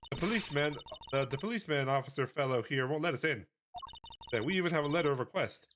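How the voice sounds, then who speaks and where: A man voicing a cheerful teenage girl magician with a bouncy, excitable manner. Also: fairly high pitch, fast, background noise, pitched above the performer's own voice, close to an everyday voice. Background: game music.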